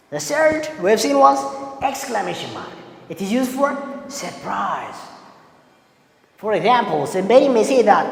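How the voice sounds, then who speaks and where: A man's voice: very high voice, gravelly. A man teaching an English lesson to a class, quizzing students and repeating the key points. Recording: echoey hall with long reverb.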